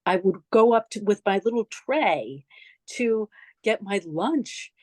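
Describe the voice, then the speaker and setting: A woman's voice: medium pitch, lively intonation, slow, darkish tone, no room sound. A middle-aged woman with a New York accent, giving a memorial lecture as conversational, reflective personal storytelling with slides. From New York City. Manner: conversational, reflective, frequent restarts and asides.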